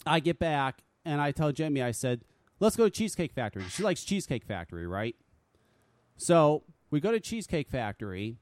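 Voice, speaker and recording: A male talk radio host rants in a lively, bouncing voice that sits a little high for a man. He swears constantly and sounds fed up, and his voice is close and dry. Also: no room sound. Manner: animated, exasperated, swears freely. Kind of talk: casual profane talk radio rant.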